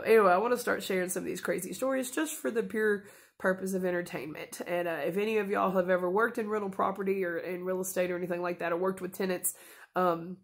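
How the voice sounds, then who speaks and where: Creaky-voiced woman vlogging to camera. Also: mid-range voice. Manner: earnest, rambling, emotional. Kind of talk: casual talk to camera.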